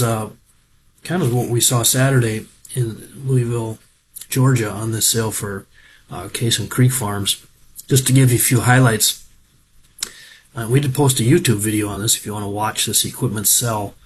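A man's voice: mid-range voice, moderate pace, slight background noise. A middle-aged man from Minnesota, giving a casual, folksy, rambling report on farm equipment auctions and often wandering off on digressions. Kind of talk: casual spoken market report.

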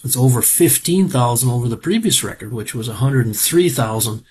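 A man's voice: mid-range voice, a little fast, a little mellow, a little hiss or hum. A middle-aged man from Minnesota giving a rambling, folksy spoken report on farm equipment auctions, with lots of fillers.

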